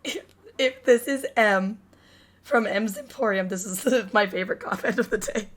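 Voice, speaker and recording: A woman's voice: medium pitch, steady tone, normal speed, vocal fry, long pauses, fairly bright tone. A young woman casually commenting while she streams a game, joking and reading chat messages aloud.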